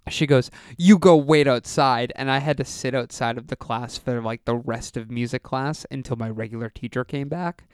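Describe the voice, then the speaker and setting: Young man telling a story with a smooth voice. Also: mid-range voice, steady tone, brisk, few pauses, no echo, studio quality. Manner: storytelling with acted-out quotes and frequent "like". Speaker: podcast co-host. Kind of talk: casual chat, telling a school story.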